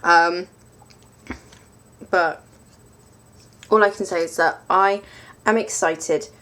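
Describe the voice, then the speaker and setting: A woman's voice: on the low side, steady tone, takes it slowly, a bit bright. A woman chatting casually through a tarot deck review, rambling and self-mocking with lots of ums.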